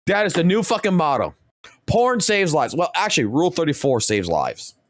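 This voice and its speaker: A young man streaming, ranting crudely with constant cursing and animated outbursts. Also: on the high side, moderate pace, dry recording. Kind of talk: profane ranting commentary.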